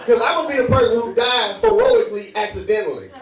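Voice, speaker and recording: A man's voice: very high-pitched, wildly swooping pitch, fast, noisy background. A young man performing a loose, conversational stand-up set who laughs at his own jokes. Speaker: stand-up comedian. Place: comedy club stage. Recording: echoey live room, mic heard from a distance, crowd laughing. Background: audience laughter.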